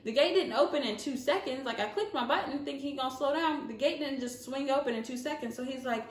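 A young woman with a Southern American accent, telling a casual storytime vlog in an animated way, laughing and using many fillers. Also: high voice, fast talker, a little hiss or hum. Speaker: vlogger. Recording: echoey room.

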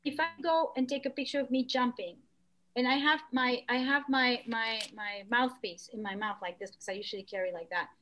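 A woman artist talking as a podcast guest, lively, acting out quoted voices. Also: a little fast, highs cut off. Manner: animated, acts out quoted voices with pitch jumps. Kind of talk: conversational podcast interview.

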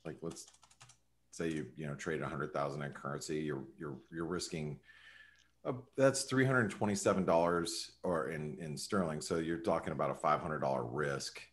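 A man's voice: very deep voice, normal speed. A man hosting a trading webinar, chatting loosely about currencies with lots of fillers and restarts. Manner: rambling, many fillers, jumps in loudly. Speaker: webinar host, trader. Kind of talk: casual market commentary.

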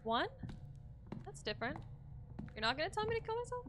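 A woman streaming a horror game live, excitable and swearing, yelping when scared. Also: very high-pitched, a little fast, background noise. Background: game music.

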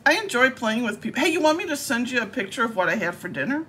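A woman's voice: a little high, very animated, fast talker, fairly bright tone, slight background noise. A woman live-streaming while baiting a scammer, talking in a teasing, theatrical and playful way. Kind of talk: casual live-stream talk.

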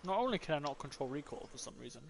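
A man's voice: on the high side, very animated, gravelly. A man streaming a shooter game, joking and teasing his teammate in casual banter. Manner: joking, teasing, quick to laugh. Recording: loud game music behind voice.

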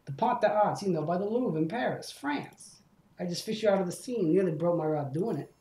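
A man's voice: sits high, expressive, fairly quick, mellow, slight background noise. A man voicing a friendly, easygoing fisher bird in a game, helpful and talkative. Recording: echoey room.

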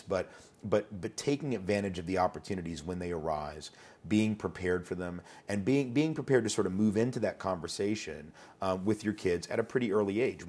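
A man's voice: low voice, darkish tone, slightly rough. A man being interviewed as an educator, talking conversationally and telling anecdotes, often repeating words as he starts a thought.

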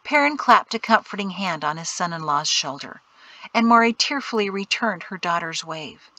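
A woman reading an audiobook in measured, clear storytelling. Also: fairly low pitch, expressive, pushed and bright, no room sound, rough recording. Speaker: audiobook narrator. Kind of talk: scripted audiobook narration.

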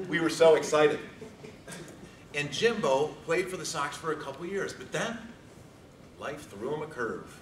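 A man from Chicago giving an animated, joking competition speech to an audience in a large hall. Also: a little high, moderate pace, over a noisy crowd. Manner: animated storytelling with jokes. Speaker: speech contest contestant. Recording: echoey hall from far off.

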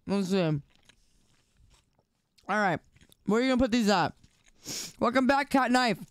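A woman's voice: fairly high pitch, clear, resonant tone, no echo, studio quality. A young woman streaming live, chatting playfully and teasing her viewers while she eats. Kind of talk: casual live-stream chat.

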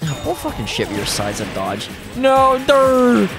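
A young man giving excited, swearing live commentary on computer fights, laughing often and tripping over his words. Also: high-pitched, measured pace, music in the background. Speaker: gaming video host.

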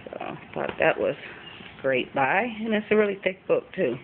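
A woman's voice: sits low, expressive, normal speed, vocal fry. A woman vlogging at home as a mom, chatting casually through a thrift haul with frequent ums. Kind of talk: casual show-and-tell chat. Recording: phone-like lo-fi with faint background noise.

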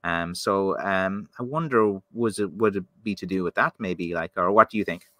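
A man from Ireland, hosting a podcast and asking long, rambling questions out loud. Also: deep voice, moderate pace, no room sound. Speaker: podcast host. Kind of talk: casual interview chat.

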